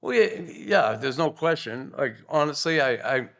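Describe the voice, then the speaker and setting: Older male guest, gravelly voice, earnest, rambling anecdotes with restarts. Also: fairly high pitch, expressive, moderate pace, a bit bright. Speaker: guest, former pro hockey player. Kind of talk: casual interview storytelling.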